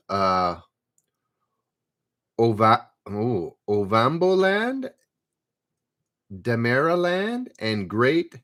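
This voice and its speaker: A relaxed man hosts a live trivia stream and reads each question out before chatting with viewers. His voice swoops up and down a lot, and he takes his time. He laughs easily as he goes. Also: medium pitch. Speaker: trivia game host.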